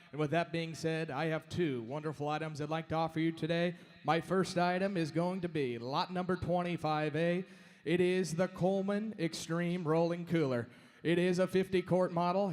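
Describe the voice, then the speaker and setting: High-voiced man calling auction bids. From Washington State. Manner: steady rhythmic bid calling with uh fillers. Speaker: auctioneer contestant. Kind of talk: auction chant. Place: large event stage.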